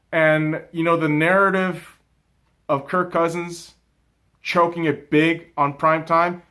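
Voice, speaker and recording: Brief: young male fan-podcast host, slightly higher voice, profane heated rants that drop to mutters. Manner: profane, heated ranting with big swings in loudness. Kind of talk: casual fan commentary.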